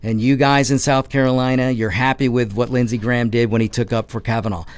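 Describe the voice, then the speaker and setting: A man's voice: medium pitch, fairly even intonation, fast. A man hosting a talk radio show, ranting passionately with frequent restarts and stammers. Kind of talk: political talk radio monologue.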